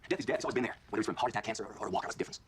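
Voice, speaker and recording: An actor playing a grim man in a TV drama, speaking low, measured and grave. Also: natural voice. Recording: noisy clip played back, off-mic.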